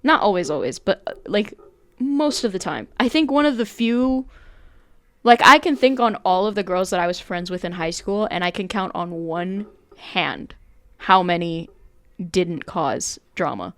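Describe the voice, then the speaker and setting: A young woman co-hosting a podcast in loose, rambling chat. She is blunt and curses freely as she tells her stories. Her voice is smooth, and the sound is close and dry. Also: mid-range voice, animated, moderate pace, a bit bright, no echo. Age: young adult. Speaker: podcast co-host. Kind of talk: casual chat.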